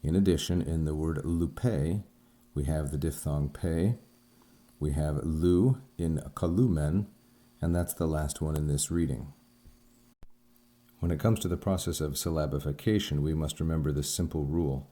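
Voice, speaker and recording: A man teaching a recorded language lesson, explaining sounds and syllables one by one in a measured, careful way. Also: rumbling low, warm tone. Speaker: Greek teacher.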